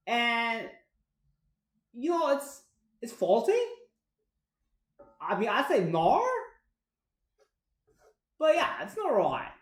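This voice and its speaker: A man putting on a slow, drawling jokey Aussie bloke. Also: very high-pitched, sing-song, echoey room, exaggerated voice. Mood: joking. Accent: put-on Australian. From California. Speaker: host's husband. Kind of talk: joking banter in a fake accent.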